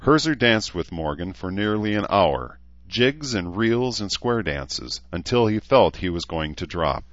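A man narrating an audiobook in a steady, even storytelling manner. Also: lowish voice, unhurried, no room sound, highs cut off. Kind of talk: scripted narration.

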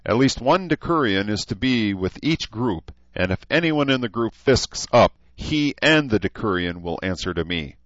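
A man's voice: lowish voice, lively intonation, moderate pace, hardly any pauses, fairly bright tone, no echo, voice pushed up. A man doing a wry easygoing young recruit leader. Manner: dry, joking. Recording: dull lo-fi dry audio.

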